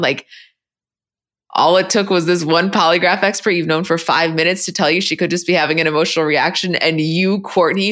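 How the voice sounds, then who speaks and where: Woman podcast host, low voice, casual recap chat, quotes the cast bluntly. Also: fairly bright tone. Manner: retells scenes quoting the cast, blunt.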